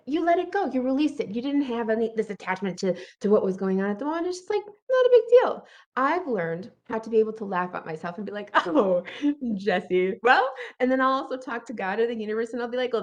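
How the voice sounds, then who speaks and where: A woman giving an earnest motivational talk, who keeps checking in with her listeners by asking "right?" and acts out her inner thoughts in quick bright bursts. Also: medium pitch, lo-fi sound. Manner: earnest, encouraging, often asks "right?". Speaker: motivational speaker.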